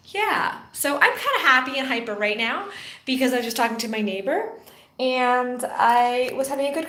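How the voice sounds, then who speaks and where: A woman with a high, fairly bright voice chats casually to camera from a phone on a selfie stick, rambling along with lots of fillers and restarts. She's a channel founder and ministry vlogger sharing a casual spoken reflection. The room is echoey, with a faint hum in the background.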